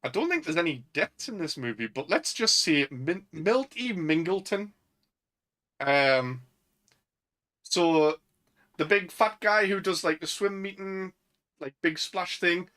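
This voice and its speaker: A bright, fairly high-pitched young man with a Northern English accent rambles through a casual podcast chat. He keeps reaching for "um" and "like" as he goes. His tone stays light and forward. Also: lively intonation, a little slow, rough recording. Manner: rambling, lots of "um" and "like". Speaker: podcast co-host.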